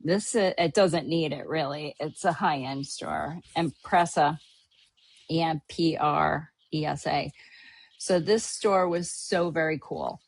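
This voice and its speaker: Woman, podcast host, casual chat, lowish voice, dry close sound. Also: slow pace, gravelly, no room sound. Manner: chatty storyteller, full of "like" and restarts.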